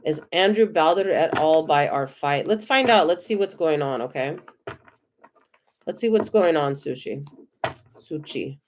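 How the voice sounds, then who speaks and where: A woman with an American accent giving tarot readings on a live stream, gentle, effusive and reassuring. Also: deep voice, expressive, measured pace, slight background noise. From United States. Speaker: tarot reader.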